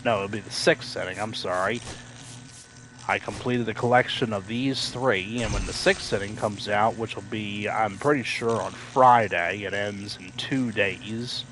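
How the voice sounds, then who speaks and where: A man casually chatting on a game livestream, rambling with lots of fillers and self-corrections, now and then acting out loud excited announcers. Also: measured pace, a little hiss or hum. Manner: acts out quoted announcers with sudden loud high outbursts. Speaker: livestream gamer.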